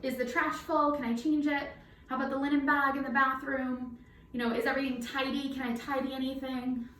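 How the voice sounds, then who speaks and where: High-voiced nurse, muffled by a mask, in an echoey room. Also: female voice, a little hiss or hum. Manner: chatty, informal, with frequent fillers. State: slightly out of breath, talking through a face mask. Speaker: night nurse. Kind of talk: teaching a nursing simulation. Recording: roomy echo, mic at a distance.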